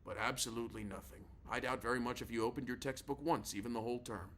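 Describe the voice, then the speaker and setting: A man's voice: mid-range voice, fairly even intonation, quick pace, a bit bright, slight background noise, lightly acted. A man voicing a sarcastic old male history teacher who repeats himself, in a storybook reading.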